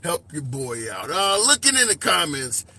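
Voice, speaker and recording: A man's voice: on the high side, big pitch swings, normal speed, sharp tone. A man hosting a live call-in show, arguing pointedly with a caller and then reading out viewer comments. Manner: pushes back hard, then reads comments and asks for likes. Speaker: host.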